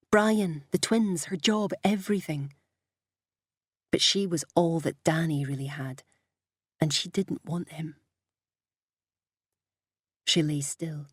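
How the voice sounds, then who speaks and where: Husky woman narrating a story. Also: on the low side, dry recording, clean studio sound. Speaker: audiobook narrator. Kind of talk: scripted narration.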